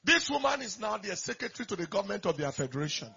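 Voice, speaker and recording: A pastor preaches in a raspy, strained voice that sits high and gravelly. His storytelling is emphatic, swelling in force at key moments. The recording is dull and lo-fi. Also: sing-song, fast talker, bright, forceful tone. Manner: emphatic storytelling, surges in volume. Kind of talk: sermon.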